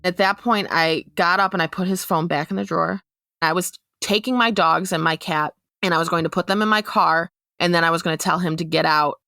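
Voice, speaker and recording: A young woman giving an earnest, measured personal account on a podcast, growing urgent at times. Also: lowish voice, gravelly, pushed and bright, no room sound, clean studio sound. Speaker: interviewee recounting her experience.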